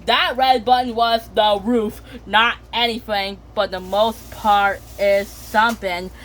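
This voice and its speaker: A woman retelling cartoon episodes in a rambling, animated storytelling manner. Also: medium pitch, slow pace, slight background noise.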